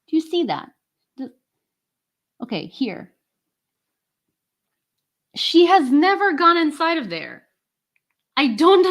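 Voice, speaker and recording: Lady chatting on her livestream at home, high voice bouncing all over, lots of likes and ums. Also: poor audio. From Ukraine. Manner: chatty, with many fillers like "like" and "um". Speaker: host of a nightly news livestream. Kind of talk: casual livestream chat.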